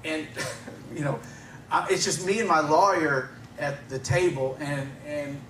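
A man's voice: a little high, steady tone, measured pace, fairly bright tone, echoey room, far from the mic, slight background noise, poor audio. A man giving a personal testimony at church, telling his story conversationally and chuckling often.

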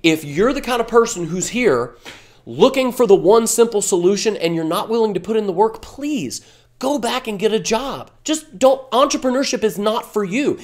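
A man's voice: sits high, expressive, moderate pace. Fired up guy doing a motivational business talk to camera, emphatic, keeps asking "right?". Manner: fired-up, emphatic, repetitive rhetorical questions. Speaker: online business coach.

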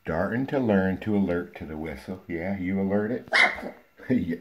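A man's voice: sits low, measured pace, lo-fi sound, very noisy. A man breeding dogs, talking casually to puppies on a home video and cooing at them playfully, sometimes in a whisper. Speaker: dog breeder. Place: indoor room at home.

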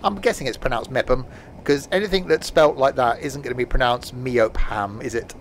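A man chats loosely as he plays a game live, wandering off into silly jokes and asides. His voice sits at an ordinary middle pitch, picked up on a home desk microphone with a faint hiss behind it. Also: lively intonation, quick pace, creaky. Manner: rambling, jokey, talks to himself and chat. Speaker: game streamer. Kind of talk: casual live-stream chatter while playing.

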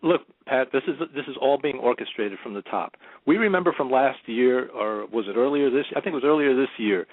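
A man's voice: medium pitch, expressive, brisk, dry recording. A man hosting a political talk radio show, speaking emphatically and often repeating himself. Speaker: radio host. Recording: phone line.

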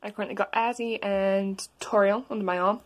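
A woman's voice: mid-range voice, fairly even intonation, a little fast, highs cut off. A woman talks casually as a video creator, giggling and apologizing while she introduces a dare acted out with plush toys.

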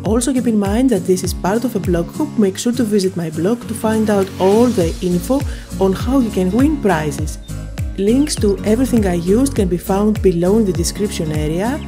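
A woman hosting a card-making tutorial, calmly explaining each step in a voice-over. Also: medium pitch, moderate pace, music in the background. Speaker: card-making video host.

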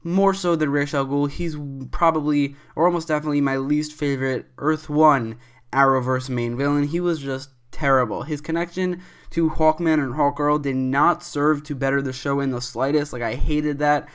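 Young male commentator, smooth resonant voice, rambling opinionated delivery. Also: a little high, steady tone, moderate pace, fairly bright tone. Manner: rambling, restarts often, opinionated. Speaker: commentary video host.

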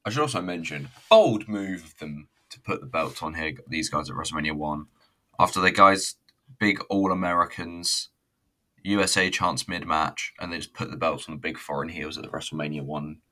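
A man's voice: deep voice, normal speed, pushed and bright, rough recording. A man giving a casual, rambling, sweary running review while he watches a video.

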